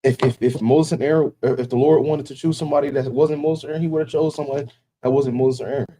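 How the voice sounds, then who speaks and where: A man's voice: mid-range voice, steady tone, fast talker, warm tone. A man preaching inside a casual talk. He speaks with emphasis and sounds like he is warning his listeners, and he keeps checking in with them as he goes. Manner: emphatic, warning tone, keeps asking "you know what I'm saying". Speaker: religious teacher.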